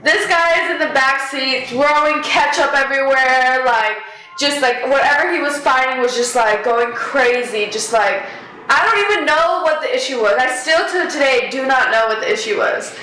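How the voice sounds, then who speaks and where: Young woman on a podcast, super animated storytime, high bright voice. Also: normal speed, roomy sound, low-quality recording. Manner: animated, swears a lot, laughs often. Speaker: podcast co-host. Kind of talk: casual storytelling chat.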